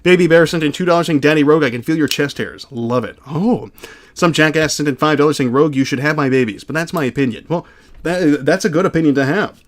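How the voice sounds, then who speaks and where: Young male streamer, slightly high voice, reads donations aloud, casual and blunt, swears freely. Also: quick pace. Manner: blunt, profane, laid-back reading. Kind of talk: casual livestream chat.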